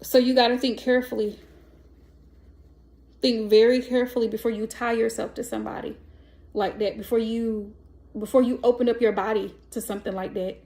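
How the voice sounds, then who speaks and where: Animated higher-voiced woman tarot reader. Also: fairly quick. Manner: emphatic, acts out quoted dialogue. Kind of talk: casual spoken tarot reading.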